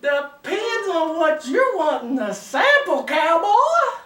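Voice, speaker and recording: A man's voice: extremely high pitch, big pitch swings, slow pace, pushed and bright, voice pushed up, full character voice. A man putting on a coy Southern belle. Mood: flirty. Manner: coy, drawling, sugary. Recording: roomy sound from a distant mic.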